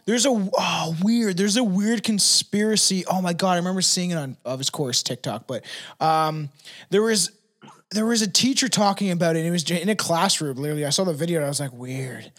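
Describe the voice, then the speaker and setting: A man's voice: sits high, brisk, a bit bright. A young man from Canada co-hosting a crude comedy podcast, rambling with lots of fillers and laughs. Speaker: podcast co-host. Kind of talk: casual crude chat.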